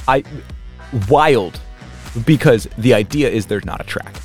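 A man's voice: mid-range voice, lively intonation, measured pace, darkish tone, faint music behind. A man co-hosting a comedy podcast, swearing freely and laughing mid-sentence in casual chat. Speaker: podcast co-host.

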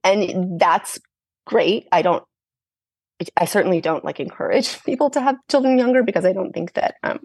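Husky millennial woman guest, dry sound. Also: mid-range voice, normal speed, a little mellow, no room sound. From Los Angeles. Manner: thoughtful, frank, laughs often. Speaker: yoga teacher and podcast guest. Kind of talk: reflective conversational interview.

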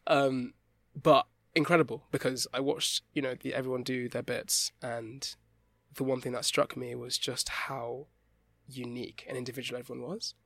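Gravelly young man, chatty. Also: mid-range voice, little pitch movement, moderate pace, fairly bright tone, dry recording. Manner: rambling, with many restarts and laughs. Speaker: interview guest, stage actor. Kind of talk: casual conversational interview.

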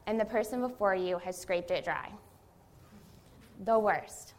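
A woman's voice: mid-range voice, unhurried. A young adult woman, a seminary student, giving a conversational sermon that opens with a self-deprecating personal story.

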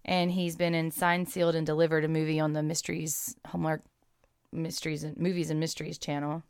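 Low-voiced woman podcast co-host, smooth and dry. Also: level tone, fairly quick, a little mellow, no room sound. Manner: chatty, rattles off lists. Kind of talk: casual chat about a movie.

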